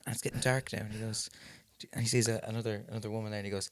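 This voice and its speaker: A man's voice: lowish voice, level tone, rapid-fire, dry recording. A young man co-hosting a podcast, bantering and laughing loosely as he trades jokes. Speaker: podcast co-host. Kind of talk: casual chat. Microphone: podcast microphone.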